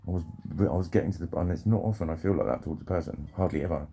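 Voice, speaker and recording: A man's voice: low voice, rapid-fire, creaky, dark tone, slight background noise. A man rambling and swearing freely through a casual vlog monologue, often breaking off and restarting his sentences. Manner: rambling, sweary, self-interrupting. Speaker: vlogger.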